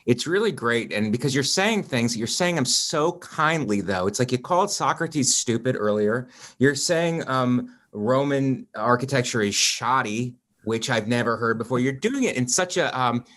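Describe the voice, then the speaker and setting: A man with a mid-pitched voice hosts a podcast, needling his guest with dry, deadpan questions. His delivery stays casual and playful. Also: moderate pace, hardly any pauses. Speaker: podcast host. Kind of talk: casual chat.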